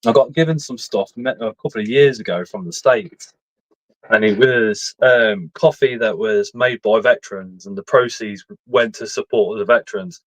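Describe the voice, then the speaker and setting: A man's voice: lowish voice, normal speed, no echo, poor audio. A man, chatting candidly on a livestream, blunt and rambling, swearing freely as he reads the chat and tells his stories. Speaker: livestream speaker reading chat.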